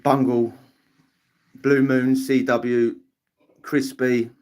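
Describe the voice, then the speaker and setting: This young livestream host from England, with a British accent, speaks extremely slowly in a flat, mid-range, slightly mellow voice. He chats casually, wandering from topic to topic, swearing liberally and voicing his family members' lines.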